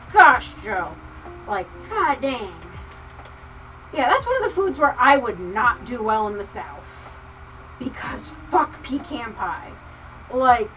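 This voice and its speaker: A woman livestreamer chatting casually with viewers, ranting with profanity and swinging from muttering to near-shouting. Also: sits high, recorded from a distance, rough recording. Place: home craft room. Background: soft lofi music.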